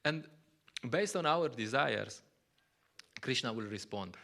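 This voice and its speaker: A man with a gravelly, middle-pitched voice gives a relaxed scripture class in English, which is not his first language. He talks conversationally, laughs often and slips into short acted-out quotes. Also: takes it slowly. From Slovenia. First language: Slovenian. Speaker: lecturer at a temple.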